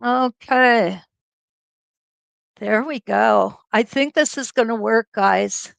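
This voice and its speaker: A woman's voice: a little high, slow, creaky, no echo, rough recording. A middle-aged woman hosting a live quilting stream, chatting and laughing as she greets viewers by name over a webcam mic. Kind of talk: casual livestream chat greeting viewers. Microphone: computer webcam mic.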